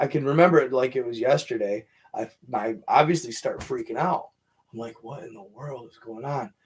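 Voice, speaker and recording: Livestream host, male, mid-pitched, loose rambling delivery full of "like" and "you know". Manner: rambling, filler-heavy, animated retelling. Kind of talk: casual livestream storytelling.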